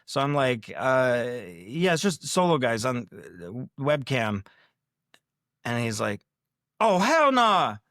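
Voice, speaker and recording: Speaking slowly with lively intonation, this podcast guest has a medium-pitched, fairly bright voice recorded at studio quality with no room sound. He makes prank videos, and he tells his story in a casual, rambling, self-deprecating way, acting out his own lines and others'.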